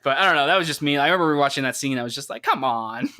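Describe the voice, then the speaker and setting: A man talks on a podcast with a bright, ringing tone and a slightly higher pitch than most. He rambles along animatedly and voices the characters' reactions as he retells scenes. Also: rapid-fire, clear, resonant tone. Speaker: podcast co-host. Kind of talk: casual chat.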